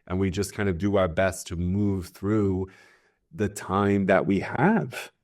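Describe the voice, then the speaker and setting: Earnest low-voiced man. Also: takes it slowly, darkish tone. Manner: earnest and reflective, with frequent fillers. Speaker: astrologer guest. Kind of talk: casual conversational interview.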